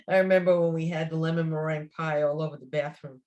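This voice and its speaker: A woman's voice: low-pitched, darkish tone, highs cut off. A woman with a Brooklyn accent, co-hosting a casual chat, often laughing and chiming in to correct the story. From Brooklyn, New York. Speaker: co-host.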